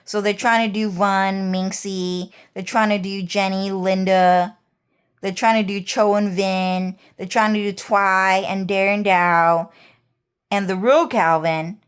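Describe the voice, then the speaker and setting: A woman's voice: medium pitch, clear, resonant tone. A woman talking in a rambling, repetitive monologue, casual and peppered with swearing. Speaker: vlogger.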